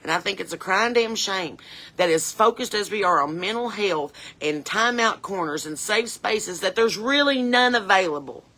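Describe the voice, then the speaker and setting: A woman's voice: fairly low pitch, fairly bright tone, close to an everyday voice. Woman playing blunt porch-smoking mom. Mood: tearful. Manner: folksy, earnest, rambling with lists. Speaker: comedian in character. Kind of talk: comedic character monologue.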